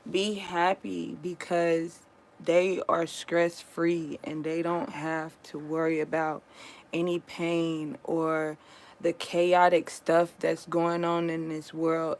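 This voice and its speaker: A woman talking casually to her viewers in an earnest, comforting and reflective way, pausing often and restarting her sentences. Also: sits low, low-quality recording. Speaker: vlogger sharing a personal story.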